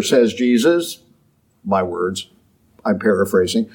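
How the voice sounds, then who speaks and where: A man's voice: mid-range voice, expressive, moderate pace, slightly rough. A man preaching a sermon in a conversational way, often checking in with "okay?" and briefly acting out the people he quotes. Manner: conversational, acts out quoted voices, frequent "okay?" and "yeah?".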